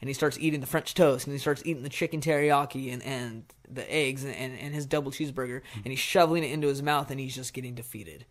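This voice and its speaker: A man's voice: medium pitch, quick pace, hardly any pauses. A young man co-hosting a casual podcast, animatedly retelling a film scene and acting out its lines. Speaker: podcast co-host. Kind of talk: casual chat.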